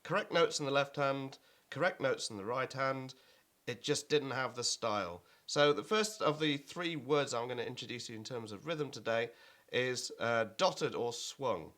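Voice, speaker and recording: A man's voice: medium pitch, normal speed, a bit bright. A man teaching an online keyboard lesson, explaining at an easy pace with fillers and now and then chanting rhythm words over his playing.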